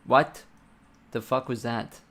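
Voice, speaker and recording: A man's voice: medium pitch, fairly even intonation, slow pace, a bit bright. A man live-streaming his game engine coding, thinking aloud, muttering to himself and swearing casually.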